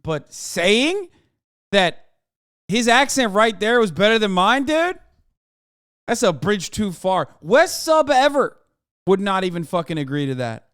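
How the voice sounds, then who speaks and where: Crisp-voiced man ranting in casual commentary. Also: high voice, sing-song, fairly bright tone, dry recording, studio quality. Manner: rambling, profane, quick asides. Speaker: streamer reacting to an interview.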